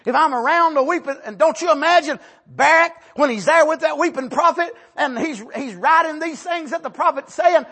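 A man preaching a sermon with impassioned, drawn-out emphasis, rising to shouts and calling out "Amen" between points. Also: extremely high pitch.

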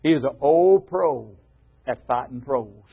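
A man's voice: mid-range voice, a little slow, husky. A man preaching a fervent, emphatic sermon to a group of men. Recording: dull lo-fi recording.

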